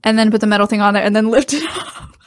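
A woman's voice: medium pitch, fast, slight background noise. A young woman in her twenties co-hosting a podcast in casual chat, teasing and playfully bossy. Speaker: podcast co-host.

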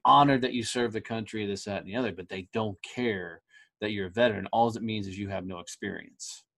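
A middle-aged man hosting a podcast, telling stories in a blunt, profane, animated way. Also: on the low side, a little fast, creaky. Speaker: podcast host. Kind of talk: casual conversational interview.

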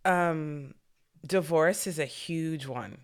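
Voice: mid-range voice, slow, clear, resonant tone. An interviewer asking questions and responding with affirming, supportive comments. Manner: warm affirming listener. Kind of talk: conversational interview.

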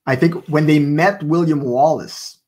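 A man's voice: on the high side, steady tone, measured pace, a little mellow. A man co-hosting a casual faith podcast, playful and fond of wordplay, telling stories with animation. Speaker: podcast co-host and author.

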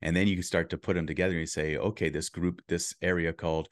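A man's voice: deep voice, little pitch movement, fast talker, no room sound, clean studio sound. A man as a podcast guest, talking through advice in an earnest coaching tone with frequent restarts. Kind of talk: casual interview chat.

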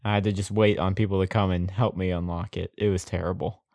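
A man's voice: sits low, little pitch movement, quick pace, darkish tone, no room sound. A young man co-hosting a podcast, bantering in a teasing, playful way. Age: young adult. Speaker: podcast co-host. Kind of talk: casual banter.

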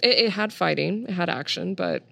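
A woman co-hosting a casual chat, animated and quick to laugh. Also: on the low side, vocal fry.

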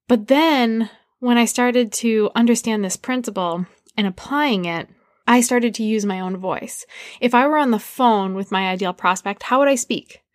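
A woman's voice: medium pitch, no room sound, clean studio sound. A woman hosting her own podcast, giving business advice in a casual, conversational way with lots of "like". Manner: conversational, frequent "like", upbeat coaching tone. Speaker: podcast host.

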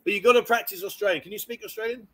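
A man's voice: sits high, rapid-fire, fairly bright tone. A man hosting a casual live stream from a bar, joking and teasing his guests and laughing often.

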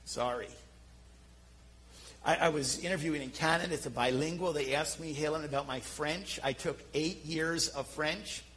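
A middle-aged man with a Philadelphia accent preaching a sermon, telling self-deprecating stories in an animated way. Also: a little high, fairly quick, few pauses, low-quality recording. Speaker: pastor.

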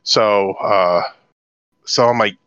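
A middle-aged man from southern California, a guest in an interview, recounts his life story and acts out things he once said. He speaks slowly with a fairly low, fairly even voice that is fairly bright, clear and resonant, with no room sound, though the audio is dull, dry and lo-fi.

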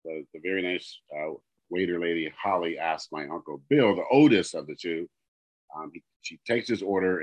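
A middle-aged man co-hosting a podcast, telling a long story in casual chat and getting animated and exasperated as he quotes the people in it. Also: deep voice. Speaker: podcast co-host. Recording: dull lo-fi podcast audio.

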